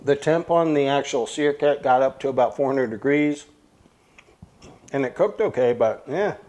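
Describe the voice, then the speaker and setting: A man's voice: mid-range voice, moderate pace, a little mellow. A man hosting a casual cooking vlog, talking plainly and thinking aloud as he goes. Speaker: cooking channel host.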